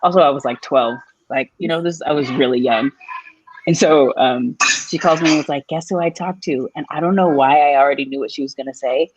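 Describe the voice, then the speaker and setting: Woman guest, low voice, lively storyteller, dull lo-fi call sound. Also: fairly quick, husky. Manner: animated, jumps high in pitch when quoting people. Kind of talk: casual storytelling on a live podcast.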